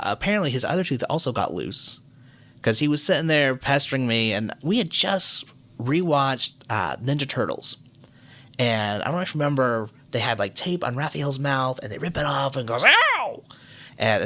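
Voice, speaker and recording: Podcast guy spinning a funny story, voice bouncing all over, mid-pitched. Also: normal speed. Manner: animated storyteller, joking. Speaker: podcast co-host. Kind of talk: casual chat.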